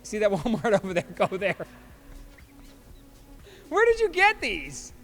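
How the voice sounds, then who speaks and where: A man in his fifties hosts a casual podcast. His voice sits high, and he keeps chuckling as he reacts to memes. A long reverb hangs on his voice, with faint music underneath. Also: wildly swooping pitch, measured pace, fairly bright tone. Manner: chuckling, loose and joking. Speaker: podcast host.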